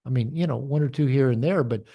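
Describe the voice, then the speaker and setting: A man's voice: mid-range voice, fast, highs cut off. A man in his sixties, a men's coach giving a candid, reflective personal talk to an online group. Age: 60s. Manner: earnest, reflective, candid storytelling. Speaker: men's coach and community leader.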